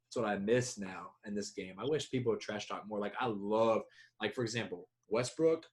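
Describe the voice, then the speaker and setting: A man co-hosting a casual sports talk show, telling rambling, profane stories with animated energy. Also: lowish voice, moderate pace. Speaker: podcast co-host.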